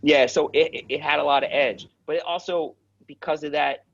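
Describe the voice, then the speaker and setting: A man with a New York accent, a guest actor telling stories in a direct, animated, casual interview way. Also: on the high side, moderate pace, creaky. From Queens, New York. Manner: direct, animated storyteller who swears. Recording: dull lo-fi sound.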